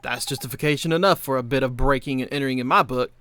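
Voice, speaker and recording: A man's voice: medium pitch, quick pace, a bit bright, clear, resonant tone, no room sound, soft background music, lightly acted. A man voicing a cheeky, slangy little male fairy sidekick in a video game. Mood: brash. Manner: brash, slangy, teasing.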